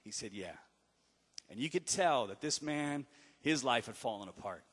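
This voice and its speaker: A man preacher voicing a wary, heartbroken big man who pleads for help in a hushed, lowered voice. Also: lively intonation, normal speed, husky, in a large hall. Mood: pleading.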